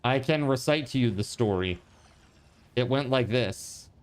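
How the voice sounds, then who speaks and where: This medium-pitched man streams a survival game and talks over it in a loose, excitable way. Profanity comes easily to him, and he lets out startled yelps and fits of laughter while acting out chat messages in rapid, exaggerated voices.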